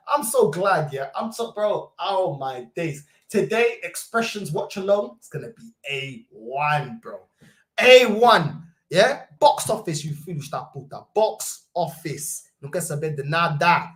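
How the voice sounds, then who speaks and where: A young man, hosting a football fan livestream with loud, mocking banter and rapid-fire rhetorical questions. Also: high-pitched. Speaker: host. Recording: roomy echo.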